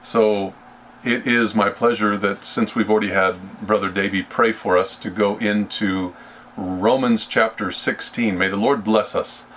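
A man leading a Bible study, speaking slowly and deliberately and often restarting his sentences. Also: fairly low pitch, steady tone, fairly bright tone, slight background noise. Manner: slow and deliberate, with frequent restarts. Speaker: Bible teacher.

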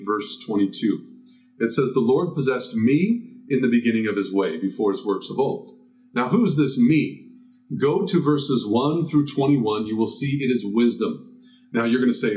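Male Bible teacher, mid-pitched, emphatic, rhetorical question-and-answer delivery. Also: measured pace, a little mellow. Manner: emphatic, asks and answers his own questions.

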